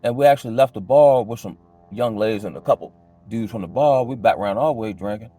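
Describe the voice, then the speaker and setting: Animated man telling a hard story. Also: quick pace, faint music behind. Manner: conversational, loose street slang, many restarts and "you know what I'm saying"; emotional, pitch jumps high when agitated. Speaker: storyteller giving a personal testimony. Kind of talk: casual spoken testimony.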